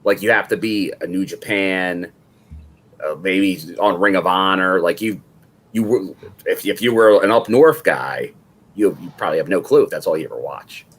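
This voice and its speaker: A man's voice: deep voice, moderate pace, a little hiss or hum. A man co-hosting a wrestling podcast in casual chat, explaining facts and often repeating words as he goes. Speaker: podcast co-host.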